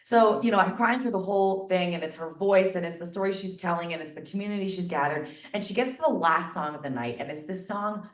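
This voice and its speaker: A woman telling a personal story live to an audience, chatty and animated, packing her sentences with "like". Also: lowish voice, quick pace, few pauses. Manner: chatty, animated, lots of filler "like". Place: stage before a live audience. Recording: echoey room, mic at a distance.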